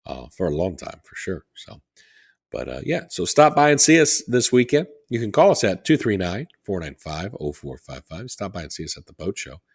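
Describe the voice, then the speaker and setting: Low husky man, rambling promo chat. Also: very animated, normal speed. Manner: rambling, repeats phone number for promotion. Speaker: podcast co-host. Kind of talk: casual chat. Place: Southwest Florida.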